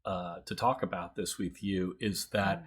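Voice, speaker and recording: A man's voice: low voice, steady tone, unhurried, a bit bright. A man hosting a casual music reaction chat, thoughtful, counting beats aloud and laughing often. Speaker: host.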